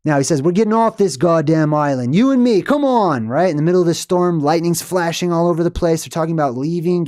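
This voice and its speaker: Casting: male vlogger, mellow warm tone, digressive and emphatic, constantly asking the viewer "right?". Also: on the high side. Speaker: movie symbolism commentator. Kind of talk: rambling solo commentary.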